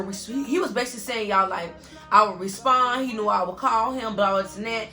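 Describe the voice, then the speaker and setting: Earnest bright-voiced woman telling a story. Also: medium pitch, brisk, soft background music. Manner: earnest, talks straight to viewers with constant "y'all". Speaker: vlogger. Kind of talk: emotional story-time monologue.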